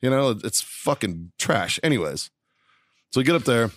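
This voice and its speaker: A man telling a profane, rambling story on a podcast, laughing as he goes. His voice sits at an ordinary middle pitch. The studio mic is dry and close. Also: very animated, moderate pace, no room sound. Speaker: podcast host.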